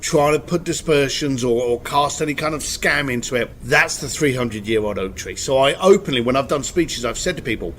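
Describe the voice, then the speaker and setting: A man being interviewed, talking bluntly and casually, telling animated stories with a swear word here and there. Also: mid-range voice, brisk, few pauses, slight background noise. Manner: blunt, animated storytelling with profanity. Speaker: interview guest.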